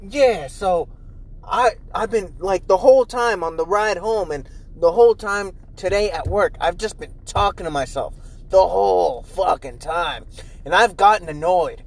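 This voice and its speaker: A young man hosting a casual solo podcast from inside his car, rambling and swearing with animated, profane energy. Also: unhurried, low-quality recording. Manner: animated, profane, jumps into loud high mimicry. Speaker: podcast host.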